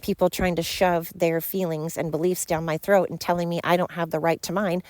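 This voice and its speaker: A woman's voice: fairly low pitch, flat delivery, fairly quick, no room sound. A woman hosting a podcast, ranting bluntly and fired up, swearing freely. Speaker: podcast host. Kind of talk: opinionated podcast rant.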